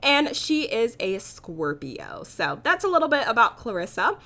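A young woman hosting a gaming channel, hoarse from a sore throat, chatting in a bubbly, gushing way over a let's play. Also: on the high side, big pitch swings, unhurried, bright, forceful tone. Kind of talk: casual let's play commentary.

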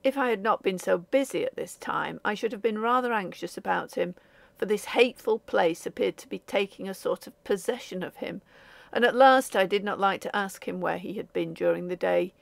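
A woman narrates a ghost story audiobook with a gravelly, creaky texture at a middle pitch. Her reading is measured and even, and the recording is close and dry, with no room sound. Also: no room sound. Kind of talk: scripted narration.

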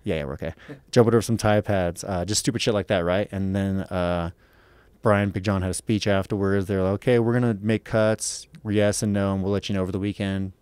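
A man's voice: fairly low pitch, fairly even intonation, a little fast, darkish tone, clear, resonant tone, dry recording. A man in his thirties, an MMA fighter on a podcast, telling a story casually with lots of swearing and acted-out quotes.

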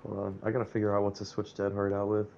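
A man's voice: fairly low pitch, monotone, a little mellow, highs cut off. A young man chatting casually and joking while streaming a video game with a friend. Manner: joking, rapid-fire bits like an auctioneer chant. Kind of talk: casual gaming chat.

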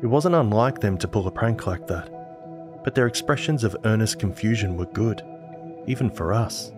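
A man giving a scripted narration of a horror story in a measured storytelling manner. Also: on the low side. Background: music.

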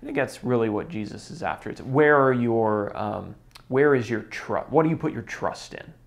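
A young man giving a relaxed, chatty Bible study talk, laughing lightly now and then. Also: mid-range voice, moderate pace. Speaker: Bible teacher. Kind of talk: casual Bible study video.

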